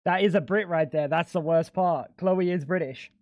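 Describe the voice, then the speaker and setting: A young man livestreams, joking loosely with chat and swearing freely, his voice shooting up into high, incredulous squeaks when something baffles him. He talks at normal speed with a darkish tone, in a dry, studio-quality recording.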